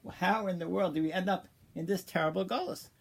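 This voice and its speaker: Male Torah teacher, slightly high voice, loose storytelling delivery with many fillers and Hebrew and Yiddish terms. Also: gravelly, slightly rough. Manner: casual, halting, many restarts and fillers, animated when building a point. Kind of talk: informal Torah class storytelling.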